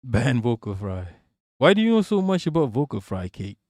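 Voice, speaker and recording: A man's voice: mid-range voice, very animated, moderate pace, darkish tone, dry recording, clean studio sound. A man hosting a live stream, joking crudely and answering viewers by name in casual chat.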